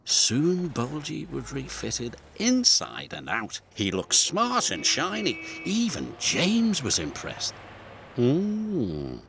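A British man narrating a children's storybook with warm, expressive telling. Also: mid-range voice, slow pace, gravelly, a little hiss or hum. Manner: warm, expressive storytelling with many character voices. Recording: studio voice-over with music underneath.

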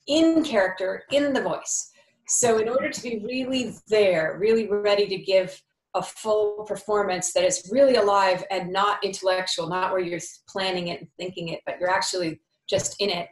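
A woman's voice: medium pitch, reverberant, low-quality recording. A woman in her fifties from New Jersey with a slight New York accent, speaking thoughtfully and with animation in an interview, with many fillers and restarts. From New Jersey, USA. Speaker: actress, interview guest. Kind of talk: conversational interview.

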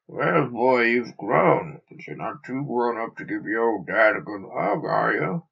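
A man's voice: medium pitch, big pitch swings, a little slow, gravelly, slightly rough, heavily acted. A man voicing a fat, jovial older man who is secretly terrified, in a read-aloud story. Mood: hearty. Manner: loud jovial bluster and harsh urgent whispers. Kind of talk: audiobook reading. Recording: dull lo-fi sound.

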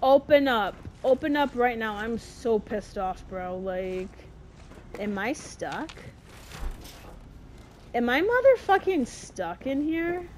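A woman's voice: on the high side, sing-song, slow pace, slight background noise. A woman giving casual gameplay commentary, exasperated and swearing, with slangy talk. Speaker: gaming streamer.

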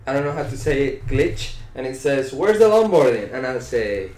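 A man's voice: mid-range voice, normal speed, roomy sound. A man chatting casually in a longboard vlog, laid-back and joking, laughing often. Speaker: longboard vlogger.

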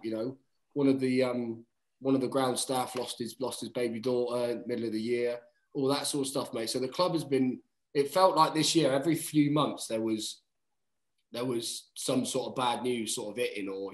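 A man in his thirties recounts stories in a loose, chatty way, dropping "mate" into nearly every sentence. His voice sits at an average pitch. The recording carries a noticeable roomy echo. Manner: chatty, says "mate" often, lively retelling. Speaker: guest rugby player. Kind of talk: casual storytelling chat.

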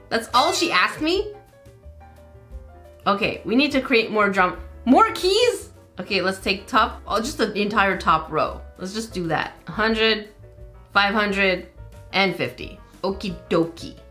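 Bright-voiced woman gaming host. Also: medium pitch. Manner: chatty, confused, laughing, talking to viewers. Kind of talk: casual let's-play commentary. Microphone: desk microphone.

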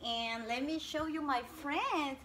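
A woman teaching a preschool class by video, talking slowly and cheerfully in a sing-song way to small children. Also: high voice, a bit bright, a little hiss or hum.

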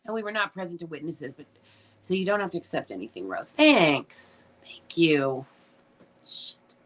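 A woman's voice: on the low side, big pitch swings, normal speed. Blunt, swearing woman livestream host. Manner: blunt, emotional, swears freely. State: tearful at times. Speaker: livestream host reading viewer comments. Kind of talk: casual live chat.

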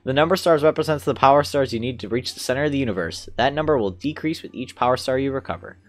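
Calm cosmic guardian, read by a man. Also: medium pitch, fast talker, lightly acted. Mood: explaining. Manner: plain read-aloud delivery.

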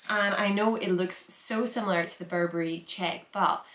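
A woman's voice: medium pitch, steady tone, moderate pace, a bit bright, echoey room. A young Scottish woman chatting casually through a packing vlog, rambling with lots of filler words. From Scotland. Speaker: vlogger.

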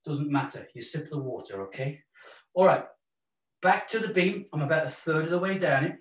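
A man's voice: a little high, expressive, normal speed. A Welsh man leading a live exercise class, encouraging and jokey as he counts out the moves and cues breathing. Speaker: fitness instructor. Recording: roomy echo, mic at a distance.

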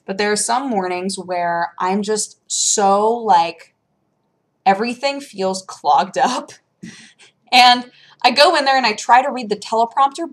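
A woman chatting casually to camera in a home vlog, rambling and animated, with lots of fillers and restarts. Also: mid-range voice. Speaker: vlogger. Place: home room.

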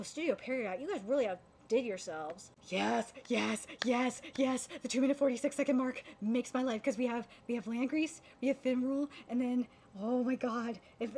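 A woman streaming a live anime reaction, gushing as an excitable fan with many fillers and restarts. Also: a little high.

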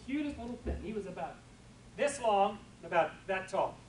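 A male pastor preaching a lively, humorous sermon full of stories and asides to his congregation, recorded in a church. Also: high voice, normal speed. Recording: roomy church from far off, faint noise.

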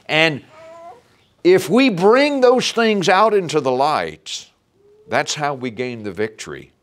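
A man's voice: a little high, animated, takes it slowly. A man preaching a sermon, quoting and explaining Scripture verses.

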